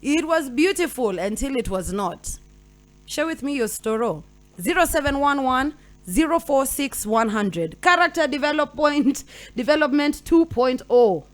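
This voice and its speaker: Animated Kenyan woman radio host. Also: sits high, measured pace, faint music behind. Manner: animated storytelling, acting out both partners; mixes Swahili slang into English. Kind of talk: radio talk monologue.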